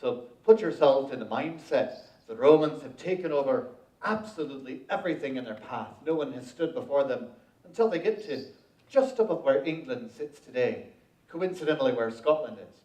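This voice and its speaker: A man's voice: mid-range voice, lively intonation, moderate pace, mellow, far from the mic. A man performing Celtic folk music who tells jokes and storytelling between songs, speaking to a live audience with dry humor. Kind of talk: live show banter and storytelling. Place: public library event room. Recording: echoey room from off-mic, dull.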